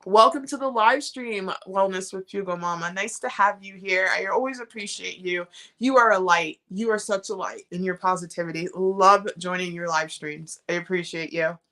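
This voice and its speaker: A woman hosting a live stream, chatting casually and warmly while reading out viewer comments. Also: mid-range voice. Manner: warm, encouraging, reads chat comments aloud.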